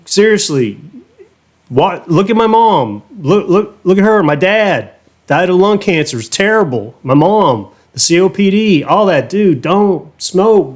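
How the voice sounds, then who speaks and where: A middle-aged man with a Southern American accent chats casually on his own channel. He tells stories in a loose, profane way and laughs often between lines. His voice sits at an ordinary middle pitch. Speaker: reaction channel host. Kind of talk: casual storytelling chat.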